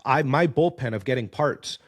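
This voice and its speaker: A man's voice: mid-range voice, moderate pace. A man who owns auto repair shops, talking casually as a podcast guest. He tells stories with energy, swears freely and acts out the people he quotes. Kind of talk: casual conversation.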